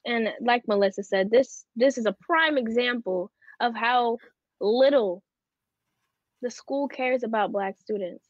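A woman's voice: a little high, a little slow, no room sound. Exasperated woman, dull dry sound. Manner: exasperated, repeats herself. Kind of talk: group discussion.

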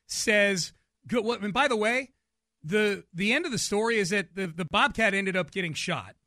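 A man's voice: high-pitched, moderate pace, bright, forceful tone, dry recording, clean studio sound. A man hosting a radio talk show, chatting casually and often laughing with his co-host.

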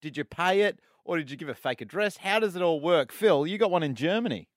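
A man's voice: a little high, dry recording, studio quality. A man hosting a radio show, chatting with callers and prodding them with jokes. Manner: lively, quick to joke and prod callers. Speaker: radio host. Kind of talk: casual radio chat with callers.

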